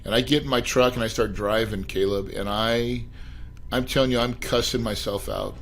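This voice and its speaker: Animated middle-aged man telling his story. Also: medium pitch, fairly quick, slight background noise, low-quality recording. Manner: animated, emphatic storyteller who addresses the host directly. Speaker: podcast guest. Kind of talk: storytelling interview.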